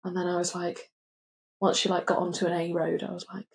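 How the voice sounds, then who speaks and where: Casting: lively young British woman, co-hosting a chatty podcast, bursts into funny put-on voices. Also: fairly quick. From England. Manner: animated, acts out quotes with big pitch jumps, swears freely. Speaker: podcast co-host. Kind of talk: casual chat, storytelling.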